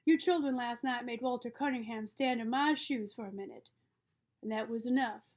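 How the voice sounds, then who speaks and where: A woman reading the part of a calm, wise middle-aged father, who speaks steadily and patiently. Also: fairly high pitch, normal speed. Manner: steady, patient, gently reasoning.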